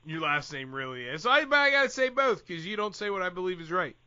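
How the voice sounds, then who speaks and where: A man hosting a casual podcast with a high voice and a loud, joking, hype-man delivery. His voice is dry and close, on a slightly dull, lo-fi recording. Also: big pitch swings, quick pace, smooth, dry recording. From Central Pennsylvania. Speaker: podcast host.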